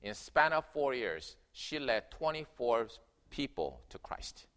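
A man preaching a sermon in a church, telling a story with animated swings between loud emphasis and quiet narration. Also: mid-range voice, slow pace. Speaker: pastor. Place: church sanctuary.

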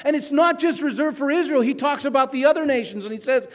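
A man preaching a sermon dramatically, dropping to a hush and then rising loud, and arguing with imagined listeners. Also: extremely high pitch, animated, fast talker, few pauses. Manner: dramatic, swings between hushed and loud. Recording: long hall reverb.

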